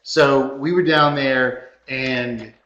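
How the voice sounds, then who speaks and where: A man's voice: medium pitch, drawn-out words, echoey room, lo-fi sound. A man co-hosting a podcast, telling anecdotes in a casual chat and laughing as he goes. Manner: animated storyteller who laughs through his anecdotes. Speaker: podcast co-host.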